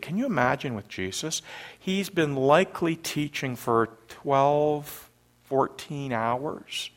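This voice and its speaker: A middle-aged man from Canada preaching a sermon, an animated storyteller who acts out panicked scenes loudly. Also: medium pitch, unhurried. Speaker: pastor.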